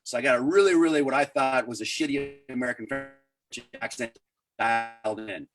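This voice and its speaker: A man's voice: mid-range voice, a little fast, over music. A middle-aged man doing rambling, self-deprecating stand-up over a video call, full of fillers. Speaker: stand-up comedian.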